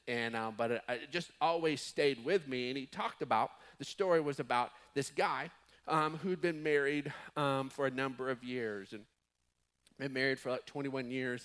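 A man's voice: medium pitch, fairly bright tone. A man preaching a sermon as pastor, emphatic, stretching key words and restarting phrases.

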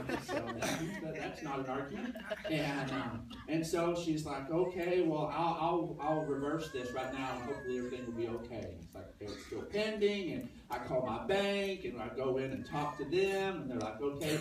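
A man's voice: mid-range voice, expressive, moderate pace, crowd noise. A man preaching a sermon as pastor, telling a personal story in a conversational way and acting out the other people's lines. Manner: conversational storytelling, acts out dialogue. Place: church sanctuary. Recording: very echoey church from a distance.

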